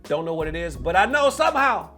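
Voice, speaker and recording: A man's voice: on the high side, very animated, fast, bright, forceful tone, faint music behind. A man hosting a commentary show, talking casually and animatedly straight to his viewers in slangy speech.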